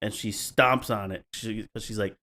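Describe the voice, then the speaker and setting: A man's voice: on the low side, steady tone, normal speed, bright, forceful tone, slight background noise. A man hosting a podcast, retelling stories in a casual, wry way and slipping into playful mock voices. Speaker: podcast host.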